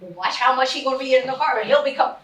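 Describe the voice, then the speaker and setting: A woman leading a parent training session in a casual, animated way, often acting out what kids and parents say. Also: high voice, fast. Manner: animated and chatty, acting out quotes. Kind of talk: casual coaching talk. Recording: echoey room, mic at a distance.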